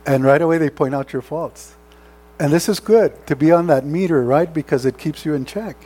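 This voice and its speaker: A man's voice: fairly high pitch, moderate pace, mellow, breathy edge. A man preaching a sermon as pastor, earnest and conversational, often checking in with rhetorical questions. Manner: earnest, exhorting.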